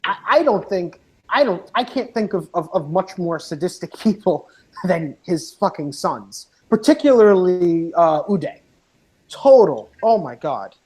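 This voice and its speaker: A woman's voice: fairly low pitch, measured pace, low-quality recording. Blunt, profane woman in voice chat. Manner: blunt and profane, animated when mocking. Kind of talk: casual voice chat.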